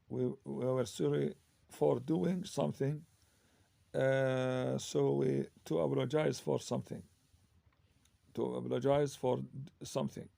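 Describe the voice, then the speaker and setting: A man with an Arabic accent explains English grammar at a slow, halting pace, full of fillers and restarts. His voice is very gravelly and mellow. The recording is dry, with no room sound. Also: mid-range voice, dry recording. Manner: slow, hesitant, with many fillers and self-corrections. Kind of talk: grammar lesson.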